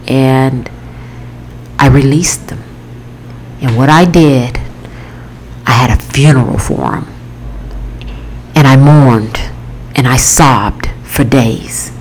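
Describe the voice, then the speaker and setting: Low-voiced woman sharing a personal story. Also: slight background noise, poor audio. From Florida. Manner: earnest, emotional storytelling with repetitions. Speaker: author. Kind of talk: personal testimony to viewers.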